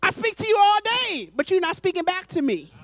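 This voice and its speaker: A woman's voice: very high-pitched, sing-song, a little fast, no room sound, voice pushed up. A woman voicing God as a loving male deity, earnestly calling to be heard. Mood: pleading. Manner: repeated calls of hello, raised and earnest.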